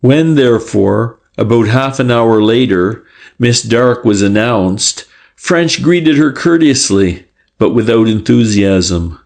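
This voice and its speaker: In a measured, even storytelling style, a man reads scripted narration for an audiobook. His voice is mid-range.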